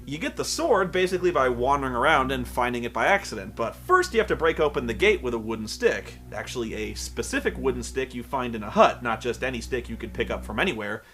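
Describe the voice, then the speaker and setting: A man's voice: medium pitch, very animated, quick pace, few pauses, fairly bright tone, soft background music. A man giving a comedic video game review, sarcastic, exasperated and profane.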